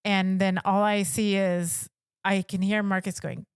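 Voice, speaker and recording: A woman's voice: mid-range voice, a little slow, clean tone, no echo. A middle-aged woman co-hosting a podcast, telling a family story in casual chat and acting out what people said. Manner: animated, acts out quotes with voices. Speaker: podcast co-host.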